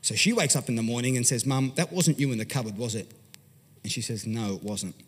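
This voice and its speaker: An Australian pastor telling a story in an animated, conversational sermon, swinging from loud to hushed. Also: male voice, medium pitch, fast, breathy edge. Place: large church hall. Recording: long hall reverb.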